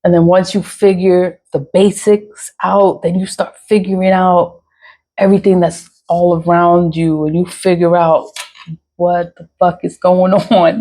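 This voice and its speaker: A woman's voice: on the low side, flat delivery, measured pace, dark tone, low-quality recording. A woman talking to camera in a casual rambling monologue, frank, swearing freely and laughing often. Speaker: spiritual vlogger.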